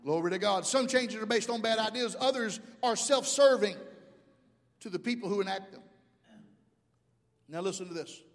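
A man in his fifties from Mobile, Alabama, preaching a sermon as pastor, animated, swinging from shouts to hushed asides. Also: high-pitched, moderate pace, pauses often. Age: 50s. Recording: long hall reverb.

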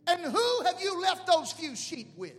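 Preacher doing a high, scolding older brother, echoing hall. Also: male voice, sing-song, unhurried, fairly bright tone, heavily acted. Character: scornful older brother, accusing.

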